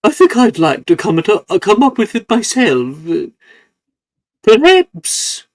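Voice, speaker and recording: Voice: medium pitch, wildly swooping pitch, slow pace, no echo, pitched above the performer's own voice. A game master voicing a prim, formal talking plant that speaks stiffly and a little condescendingly. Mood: haughty. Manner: stiff and proper, a touch condescending.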